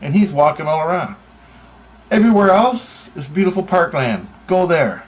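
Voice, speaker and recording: A man's voice: on the high side, expressive, normal speed, rough recording. A man telling an angry, profanity-laced story about his bird photography, talking in a heated, sarcastic way. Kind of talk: angry ranting anecdote.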